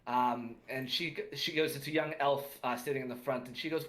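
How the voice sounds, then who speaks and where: A man narrates a tabletop game as game master in a bright, clear voice at a middle pitch. He is hesitant, often filling pauses as he goes. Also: steady tone. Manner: hesitant, many fillers.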